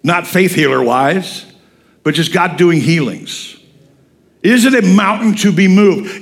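A middle-aged man preaches a sermon in a church, folksy and animated, often pausing to quiz the congregation. His speaking voice sits fairly high for a man. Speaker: pastor. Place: church sanctuary.

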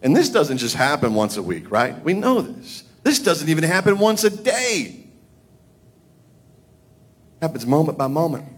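A man's voice: very animated, moderate pace, pauses often, husky. A man preaching a sermon, his voice rising and falling widely as he builds his points. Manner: preaching with big swings in pitch and volume. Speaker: pastor.

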